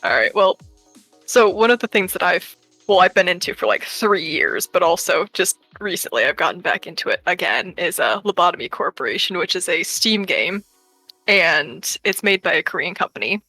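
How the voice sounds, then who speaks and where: Guest cohost rambling about a game, bright voice, pitch jumps around a lot. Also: normal speed, no room sound, soft background music, low-quality recording. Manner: rambling, unscripted, with lively pitch. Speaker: guest podcast co-host. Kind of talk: casual podcast chat.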